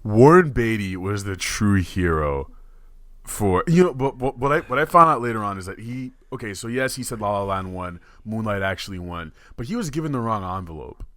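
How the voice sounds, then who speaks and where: A man co-hosting a podcast, excitable and laughing as he tells stories in casual banter. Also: lowish voice, a little fast, dry recording. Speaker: podcast co-host.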